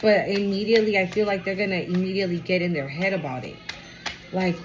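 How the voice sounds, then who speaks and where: A woman giving a casual tarot reading to camera. She is animated and expressive, swears freely and talks aloud to spirit. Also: lowish voice, fast talker, soft background music. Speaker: tarot card reader.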